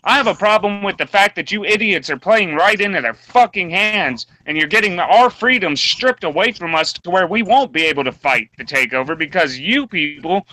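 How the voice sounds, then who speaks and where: A man's voice: high-pitched, pushed and bright, low-quality recording. A man hosting a podcast round table, delivering a blunt, combative rant full of swearing. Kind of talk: profane opinion rant.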